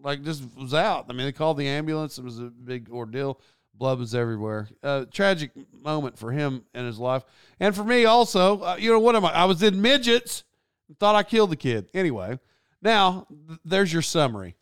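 A middle-aged man hosting a podcast, telling a rambling story in an animated way and often correcting himself. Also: on the high side, brisk, clean tone, no echo, studio quality. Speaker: podcast host. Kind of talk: casual storytelling.

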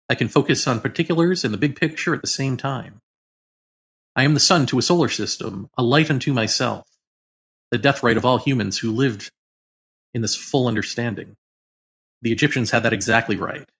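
A man narrating his own memoir in first person, measured and dramatic, turning frantic at the tense moments. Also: medium pitch, fairly bright tone. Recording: muffled lo-fi recording.

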